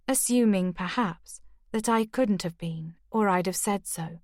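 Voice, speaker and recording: A woman reading a first-person mystery audiobook in a steady, measured way. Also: mid-range voice, no echo, studio quality. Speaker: audiobook narrator.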